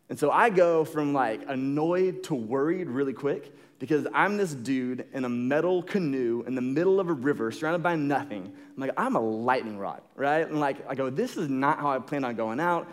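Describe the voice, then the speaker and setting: Brief: young male pastor, mid-pitched, casual storytelling sermon, animated, filler-heavy. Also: normal speed.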